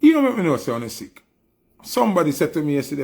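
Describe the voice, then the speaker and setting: Jamaican Patois man, gravelly and raspy, fervent preachy monologue. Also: a little high, huge pitch swings, fast talker, darkish tone. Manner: preachy, fervent, repetitive questions. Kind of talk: impassioned spoken monologue.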